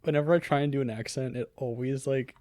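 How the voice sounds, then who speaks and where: A man's voice: medium pitch, steady tone, darkish tone, dry recording, studio quality. A man co-hosting a podcast, joking around in casual chat. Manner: joking, quick agreeing interjections. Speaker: podcast co-host.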